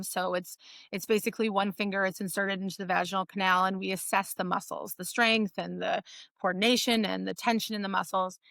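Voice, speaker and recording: A woman physical therapist, a guest on an interview show, explaining her work in casual, animated talk full of "like" and "right?". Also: medium pitch, creaky, no echo. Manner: animated storytelling, frequent "like" and "right?".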